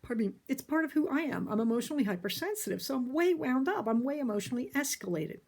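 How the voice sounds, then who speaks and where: A middle-aged woman therapist giving a casual, folksy talk about relationships, emphatic and quick to laugh. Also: high-pitched, very animated, a little mellow, husky.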